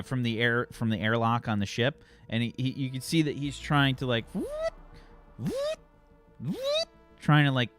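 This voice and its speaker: A man's voice: medium pitch, a bit bright. A man narrating a tabletop game as game master in a casual, rambling way.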